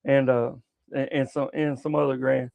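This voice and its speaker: A man's voice: mid-range voice, flat delivery, normal speed, vocal fry, a little mellow, no room sound. An older man, hosting a casual sports talk show, rambling with lots of profanity and stumbling restarts.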